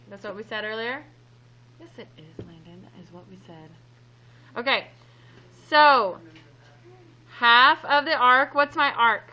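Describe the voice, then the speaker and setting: A woman's bright, fairly high voice guides a classroom math lesson at an unhurried pace. She sounds upbeat and playful and stays teasing with her students. The audio is a little dull and muffled. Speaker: math teacher.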